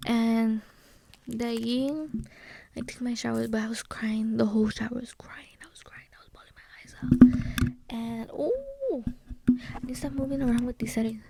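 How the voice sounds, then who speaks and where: A young woman hosting a solo podcast, telling a personal story casually, with slang and Spanish phrases mixed in, often dropping to a soft whisper. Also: fairly high pitch, lively intonation, moderate pace, creaky, noisy background. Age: young adult.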